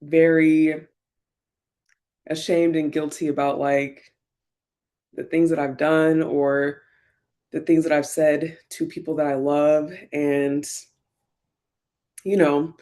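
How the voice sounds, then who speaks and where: A woman's voice: sits low, little pitch movement, slow, pauses often. A woman vlogger talking candidly and reflectively while getting ready, often using fillers and sometimes close to tears. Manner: reflective, soft-spoken, many fillers; emotional, near tears at times. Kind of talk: candid get-ready-with-me talk.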